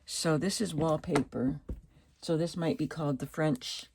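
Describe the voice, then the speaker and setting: Low slow lady doing a craft haul vlog, morning voice, chatty and fond of her stuff. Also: creaky, a little hiss or hum. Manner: slow and chatty, softly admiring, thinking aloud. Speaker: craft vlogger. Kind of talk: casual show-and-tell vlog.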